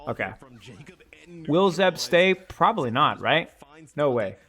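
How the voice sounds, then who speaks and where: A man's voice: a little high, slow pace. A young man co-streaming an esports match, joking with his chat and breaking down the plays in casual live-stream commentary. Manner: animated, joking, talks straight to chat.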